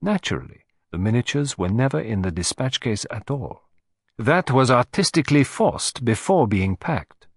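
A man's voice: medium pitch, sing-song, moderate pace, husky, no echo, clean studio sound. A man voicing a fussy, shrewd older Belgian detective, precise and self-satisfied in his delivery. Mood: explaining.

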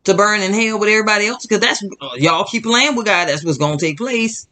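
A man's voice: high-pitched, lively intonation, brisk, pushed and bright. A man hosting indignant religious commentary, talking straight to his viewers with emphatic repetition and a fired-up, preachy delivery. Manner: fired-up, preachy, addresses audience as "y'all". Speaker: Christian commentary host.

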